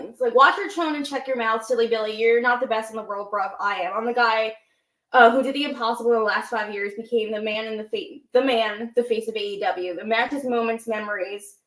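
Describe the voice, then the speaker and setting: A woman co-hosting a wrestling chat show, retelling a promo line by line and slipping into the speakers' quoted words. Her voice sits a little high and carries the echo of a roomy space. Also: fairly quick, fairly bright tone. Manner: recaps promos with quoted impressions. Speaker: podcast co-host.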